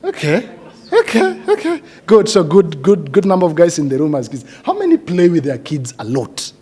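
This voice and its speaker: A man's voice: fairly high pitch, sing-song, brisk, warm tone, slightly rough. A man, a coach, giving a chatty, informal speech to graduates and asking the audience questions. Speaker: coach and guest speaker.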